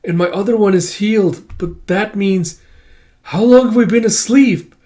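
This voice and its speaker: A man voicing a frightened young fox-tailed girl with high, startled exclamations. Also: moderate pace, dark tone, close to an everyday voice. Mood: alarmed.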